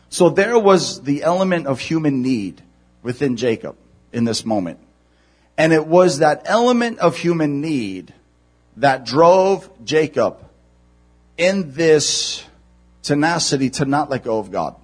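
A male pastor preaching a sermon, animated, moving from hushed, low passages to loud, shouting ones. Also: a little slow, pauses often, husky.

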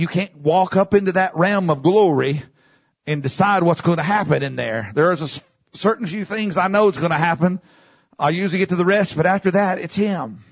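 A man preaching a sermon, swinging from shouted peaks down to low, quiet passages and repeating phrases for emphasis. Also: dry recording.

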